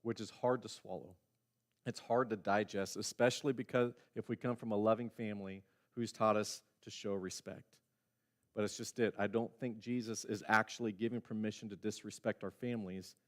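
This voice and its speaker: A middle-aged male pastor preaching a sermon in a church, talking conversationally and acting out quoted lines, with sudden jumps between loud and quiet. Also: on the low side, fairly even intonation, normal speed. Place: church sanctuary.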